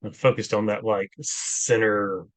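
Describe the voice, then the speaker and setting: A man who owns a food truck, a guest chatting casually in a relaxed, hesitant way with lots of fillers. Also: lowish voice, a little slow, no room sound. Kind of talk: casual chat.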